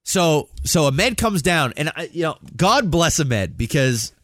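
Dude in his 30s telling a wild story, swears a ton, kinda high voice, dry close sound. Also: measured pace, no echo. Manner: animated, swears a lot, acts out quotes. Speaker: podcast co-host. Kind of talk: casual storytelling.

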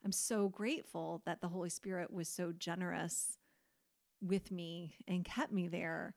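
A woman's voice: lowish voice, steady tone, unhurried, vocal fry. Earnest woman pastor chatting candidly. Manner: earnest, candid, many fillers like "like" and "you know". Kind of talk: casual podcast conversation.

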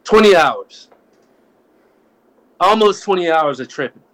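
Speaking at a measured pace in a high-sitting voice, this male podcast co-host swaps easygoing stories. He's animated and laughing, tripping over words, restarting, and performing his friends' quoted lines.

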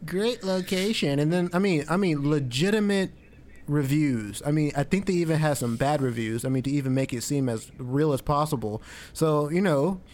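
A man's voice: fairly high pitch, moderate pace, darkish tone. Laid-back rambling man, casual chat. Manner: laid-back, rambling, many fillers like "I mean" and "you know". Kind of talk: casual conversation.

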